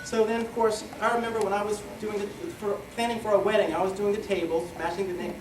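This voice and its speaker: A middle-aged man giving a rambling, joking wedding toast, halting often with fillers as he loses his thread. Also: high voice, level tone, noisy background. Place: wedding reception hall. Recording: echoey hall from far off, crowd chatter.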